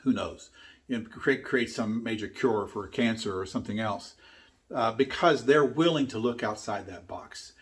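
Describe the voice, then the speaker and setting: A man's voice: fairly low pitch, normal speed. Earnest older man telling a story. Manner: earnest, emphatic storyteller who repeats key points. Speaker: speaker teaching his own method. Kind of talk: motivational talk with storytelling.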